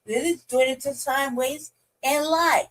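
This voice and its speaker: A woman's voice: sits high, steady tone, a little slow, poor audio. A woman co-hosting a podcast in casual chat, blunt and swearing, with many restarts and fillers. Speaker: podcast co-host.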